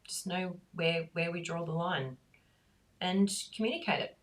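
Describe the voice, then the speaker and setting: A middle-aged woman with a low voice talks through a craft class. Her chat is relaxed and rambling, with warm asides and easy laughter. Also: unhurried, far from the mic. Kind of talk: chatty talk while crafting.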